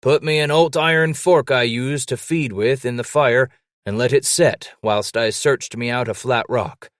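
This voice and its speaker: A man voicing an old white-bearded mountain man who speaks in a loud, cheerful, folksy frontier drawl and quotes scripture. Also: a little slow, no echo, studio quality, natural voice. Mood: jovial. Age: older. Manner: booming folksy frontier drawl, Bible-quoting.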